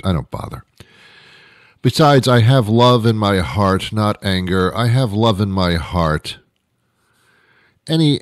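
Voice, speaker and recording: A man's voice: low voice, dry recording, clean studio sound. Sarcastic, rambling man hosting a comedy show. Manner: sarcastic, rambling, self-mocking. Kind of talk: satirical comic monologue. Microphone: close studio microphone.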